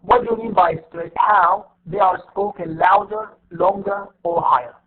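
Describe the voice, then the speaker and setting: High-voiced teacher on a tinny line. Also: male voice, steady tone, moderate pace. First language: Arabic. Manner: repetitive, explains step by step with many fillers. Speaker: English teacher. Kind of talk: online class lecture.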